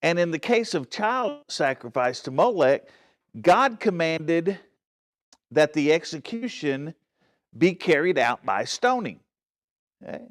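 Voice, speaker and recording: A man's voice: on the high side, very animated, takes it slowly, long pauses. A man with a slightly raised voice teaching a Bible study from the front of a church. He talks earnestly and stresses his points, often checking that his listeners are following. He restarts phrases and corrects himself along the way. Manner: frequent restarts and self-corrections.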